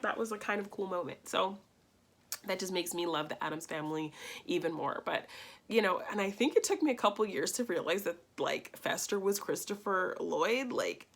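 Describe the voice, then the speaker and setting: Low-voiced woman gushing about a movie in a chatty review. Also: moderate pace. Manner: gushing, enthusiastic storyteller. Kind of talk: casual movie review chat.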